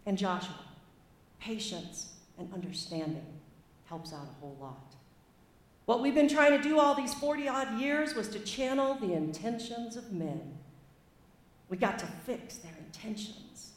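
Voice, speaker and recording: A woman's voice: mid-range voice, lively intonation, unhurried, close to an everyday voice. A woman reading aloud as an aged male leader, a stern fatherly lawgiver, in a put-on American Southern accent with an emphatic, folksy cadence. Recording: echoey room.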